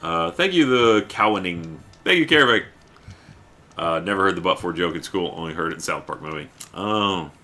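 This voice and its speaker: A man's voice: deep voice, lively intonation, moderate pace, bright, forceful tone, a little hiss or hum. A man streaming a game, chatting casually and playfully while reading chat aloud. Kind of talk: casual live-stream commentary.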